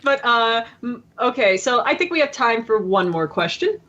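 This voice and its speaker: A woman's voice: on the high side, normal speed, highs cut off. A young woman hosting a casual podcast chat, telling stories with lots of laughter and quoted voices. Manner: giggly, animated storytelling with quoted voices. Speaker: podcast host.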